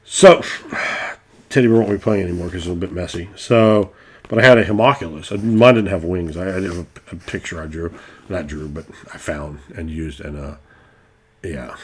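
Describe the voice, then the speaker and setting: A man's voice: low-pitched, normal speed, slightly rough. A middle-aged man and game master talking casually in a rambling way, restarting often and swearing freely. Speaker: game master and video host.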